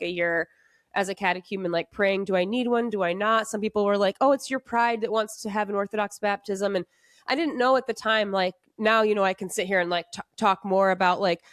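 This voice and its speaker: A woman's voice: mid-range voice, no echo. Chatty woman podcast host, dry sound. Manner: chatty, rambling, many "like" fillers and restarts. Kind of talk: casual chat.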